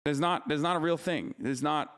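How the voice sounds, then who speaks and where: A man's voice: fairly high pitch, steady tone, moderate pace, a bit bright, clean tone. Heated profane male streamer. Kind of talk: livestream reaction rant.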